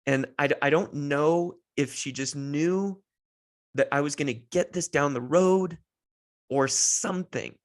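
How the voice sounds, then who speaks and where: A man's voice: on the high side, unhurried. A man in his thirties hosting a podcast, telling a heartfelt personal story in a rambling way with many restarts, sounding close to tears. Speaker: podcast host.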